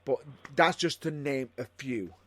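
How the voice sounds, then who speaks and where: A man co-hosting a podcast in loose, casual chat. He rambles, circles back on his own words and restarts sentences as he goes. His pitch sits at an ordinary middle level for a man. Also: measured pace, fairly bright tone. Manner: rambling, repeats himself and restarts. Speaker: podcast co-host.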